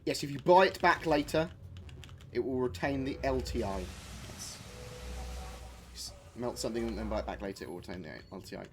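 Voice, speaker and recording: A man's voice: mid-range voice, a little fast, pauses often, a little hiss or hum. A man livestreaming a game, chatting casually, joking and swearing at it while answering chat. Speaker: game streamer.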